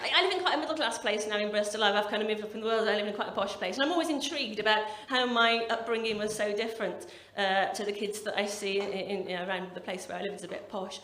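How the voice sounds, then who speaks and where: A woman's voice: medium pitch, fast talker, hardly any pauses, fairly bright tone. A woman, performing a chatty, wry and sweary stand-up set. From English Midlands. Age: 40s. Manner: chatty, wry and sweary, with self-deprecating asides. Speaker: stand-up comedian. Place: comedy club stage. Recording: echoey club with a laughing crowd.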